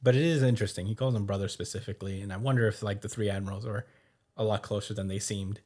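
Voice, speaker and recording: Low-voiced man rambling through a recap. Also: fairly even intonation, a little mellow. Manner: rambling, many fillers, quick laughs. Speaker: podcast host. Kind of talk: casual episode recap.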